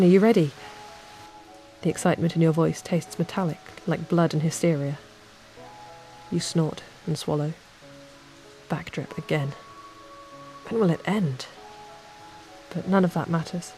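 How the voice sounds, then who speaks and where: A woman narrating a calm bedtime story in the second person, at an unhurried pace. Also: low voice. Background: soft ambient music.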